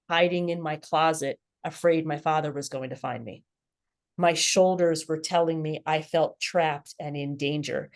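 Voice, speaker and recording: A middle-aged woman, a podcast guest, telling her personal story candidly and with animation. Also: sits low. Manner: candid, animated, laughs at herself.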